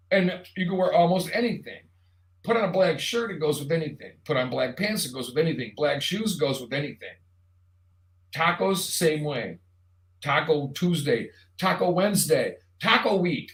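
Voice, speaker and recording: A man hosting a live online show, talking casually in a rambling, jokey monologue straight to the viewer. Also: a little high. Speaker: show host. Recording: roomy echo.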